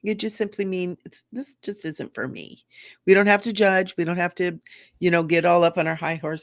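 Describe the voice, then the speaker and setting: A woman's voice: low-pitched, steady tone, normal speed, vocal fry, no echo, studio quality. A middle-aged woman hosting a live stream as a psychic medium, talking in an earnest, chatty way with fillers and restarts and greeting viewers. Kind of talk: casual live-stream talk.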